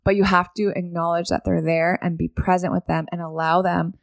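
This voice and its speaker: Low, gravelly-voiced woman podcast host. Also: level tone, brisk, no echo, clean studio sound. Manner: conversational, keeps asking "right?". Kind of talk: solo podcast monologue.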